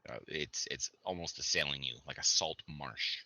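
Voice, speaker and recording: A man's voice: very deep voice, normal speed, creaky, sharp tone, dry recording. A man narrating as game master in a loose, chatty way with fillers.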